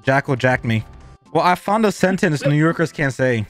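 A man's voice: fairly high pitch, animated, normal speed, soft background music. A man bantering crudely with friends while playing an online shooter. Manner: joking, crude. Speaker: gaming channel host. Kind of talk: casual gaming banter.

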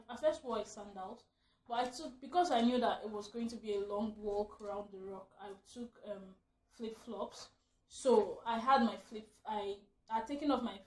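A woman's voice: medium pitch, reverberant. A young adult woman vlogger telling a story in a casual, chatty way, breaking into laughter often.

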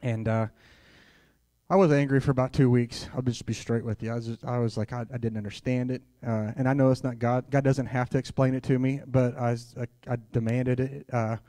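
A man's voice: medium pitch, fairly even intonation, fairly quick, warm tone, dry recording. A man preaching a sermon at a church conference, telling stories in a candid, conversational way and sprinkling in "hallelujah.". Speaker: guest preacher.

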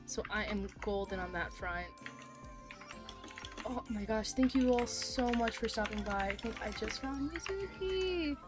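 A young woman streaming live with a high, bright-sounding voice. She chats casually and excitably with her viewers and swears freely, with music playing clearly in the background. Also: measured pace.

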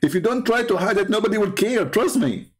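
A man's voice: sits high, animated, a little fast, husky. A man hosting a show, giving mocking commentary with lots of laughter and repetition. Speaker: host.

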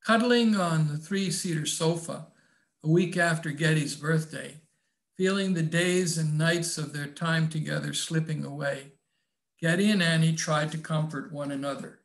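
An older man, an author, reading aloud from his own novel in a reflective, measured way and adding his own comments. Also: fairly high pitch.

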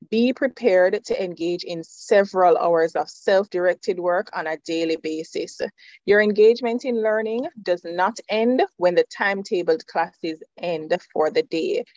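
A woman's voice: on the low side, darkish tone, no echo. Firm woman lecturing, muffled. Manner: measured, firm, instructive. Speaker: nursing lecturer. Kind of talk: presentation to students.

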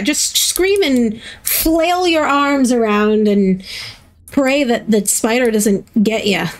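Slow-talking, high-voiced woman gamer. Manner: chatty, talks to herself, playful reactions. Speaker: gaming video host. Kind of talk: let's-play commentary.

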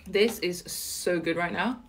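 Slow-talking woman with a faded Welsh accent. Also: on the low side, slight background noise. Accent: faded Welsh mixed with London. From Wales. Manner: chatty, eating between words, slow and unhurried. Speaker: mukbang vlogger. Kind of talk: casual talk while eating.

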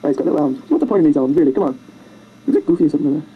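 A speaker rambling through a comic retelling of a film over their own drawings, hurried and jokey, jumping into silly squeaky voices on a home computer mic. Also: slightly rough, phone-quality sound. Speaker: amateur storyteller narrating drawings.

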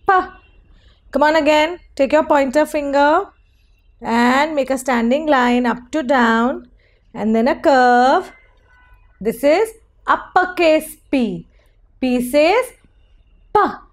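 A young woman teaches toddlers a phonics lesson in a high, sing-song voice. She talks slowly and patiently, coaxing the children along and stretching the sounds she wants them to copy.

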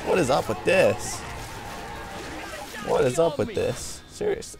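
A man doing casual let's-play commentary, excitable and full of yelps and exclamations. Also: mid-range voice, slow pace, vocal fry, long pauses. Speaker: gameplay commentator.

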